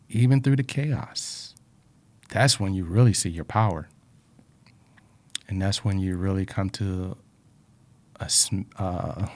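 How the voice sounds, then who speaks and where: Speaking in a fairly low voice, a man gives a reflective personal talk about life lessons, earnest and emotional, often repeating words as his throat dries.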